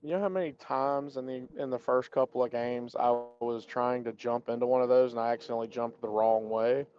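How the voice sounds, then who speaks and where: A man's voice: medium pitch, fairly even intonation, a little fast, darkish tone, highs cut off. A man player chatting casually about video games at a tabletop session, with wry, opinionated banter.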